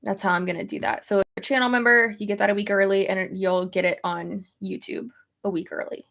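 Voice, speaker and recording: A woman's voice: medium pitch, fairly even intonation, fast, vocal fry, fairly bright tone. A young pregnant woman chatting casually on a stream, thinking aloud and swearing now and then. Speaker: YouTuber. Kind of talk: casual chat reading stream comments.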